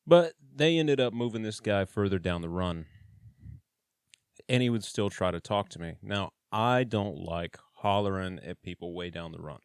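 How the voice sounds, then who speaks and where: A man's voice: low voice, lively intonation, normal speed, smooth, no echo, studio quality. A man casually telling his own story in a blunt, plain-spoken way, with swearing and slang.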